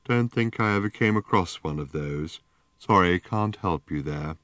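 A man voicing an ancient, rusted, depressed male robot in an audiobook, with a slow, groaning, gloomy drawl. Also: low voice, a bit bright, dry recording.

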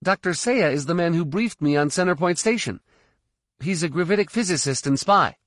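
A man voicing an eager, blunt teenage boy in an audiobook, loud and excited. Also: on the high side, moderate pace, no room sound, studio quality, pitched above the performer's own voice. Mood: eager, cheeky. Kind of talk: audiobook character voice.

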